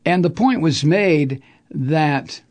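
A man's voice: on the high side, slow pace, darkish tone. A man hosting a political talk radio show, ranting with profanity and sarcasm, then reading sponsor messages. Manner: profane, heated, sarcastic, mocking impressions.

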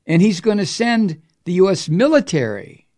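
A man's voice: high-pitched, very animated, normal speed, a little mellow. Angry, sarcastic male talk host. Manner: angry, profane, sarcastic commentary. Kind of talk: political commentary talk show.

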